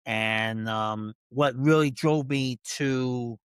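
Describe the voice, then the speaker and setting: A man with a New York accent chats as a guest, mid-range in pitch. He rambles and restarts and laughs easily. The sound is dry and close. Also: takes it slowly, smooth, no room sound. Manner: laughing, rambling, self-interrupting. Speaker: dog trainer, guest. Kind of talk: casual interview chat.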